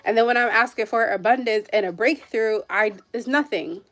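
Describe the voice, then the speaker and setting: A woman's voice: fairly high pitch, moderate pace, fairly bright tone. A young adult woman chatting on a livestream, telling a long story in a rambling, emotional way with lots of "like" and asides to viewers. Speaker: livestream host. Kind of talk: casual livestream chat.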